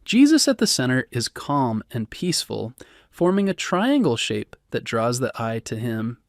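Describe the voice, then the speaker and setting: A man narrating a bedtime history story in a calm, soothing, scripted way. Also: medium pitch, a little slow, no room sound, studio quality.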